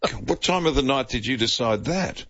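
A man's voice: mid-range voice, expressive, moderate pace, a bit bright, slight background noise. A man hosting talk radio, bantering and taking calls. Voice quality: husky. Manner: dry, bantering, takes calls. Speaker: radio host. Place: radio studio. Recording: dull, muffled broadcast sound.

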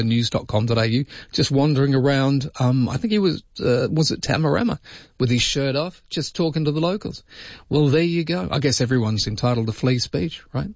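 A man's voice: medium pitch, dry recording. A man with an Australian accent hosting late-night talkback radio, reading listener messages and joking around in a folksy way. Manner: jokey, folksy, drops into mock-outraged bursts. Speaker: overnight talkback radio host. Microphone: studio microphone. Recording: dull, dry studio broadcast audio.

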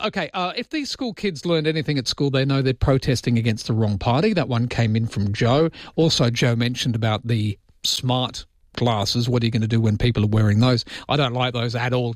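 A man's voice: medium pitch, dry recording. A man with a Welsh accent and a slight lisp, hosting talkback radio, chatty as he reads out listener texts and gives firm opinions from a studio mic. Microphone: studio microphone.

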